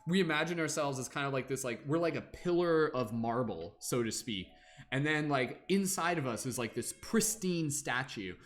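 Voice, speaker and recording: A man's voice: mid-range voice, animated, normal speed. A man giving a casual spiritual talk on a livestream as a tarot reader, rambling with lots of fillers and acting out little voices.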